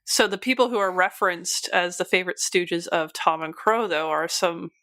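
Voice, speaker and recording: Woman cohost on a podcast, bright dry voice, laughs a lot, amused. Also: lowish voice, moderate pace, dry recording. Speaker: podcast co-host. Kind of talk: casual chat.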